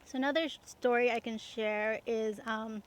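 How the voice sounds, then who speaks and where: A woman's voice: fairly high pitch, steady tone, moderate pace. Chatty, laughing woman telling stories. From Canada. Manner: chatty, laughs often, many fillers. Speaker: podcast host. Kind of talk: casual storytelling monologue.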